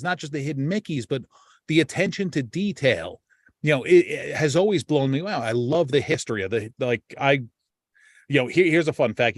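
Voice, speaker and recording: A man's voice: medium pitch, no echo, clean studio sound. A man hosting a podcast in casual chat, rambling with lots of restarts and cursing freely. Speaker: podcast host.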